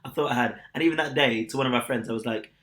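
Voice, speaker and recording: A young man co-hosting a casual podcast chat, blunt and scathing and quick to laugh. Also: mid-range voice, a bit bright. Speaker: podcast co-host. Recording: echoey room.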